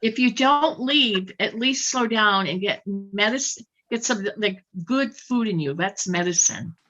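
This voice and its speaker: A woman's voice: medium pitch, unhurried, bright, forceful tone, highs cut off. A woman spiritual healer leading a live online session, insisting and repeating her points emphatically.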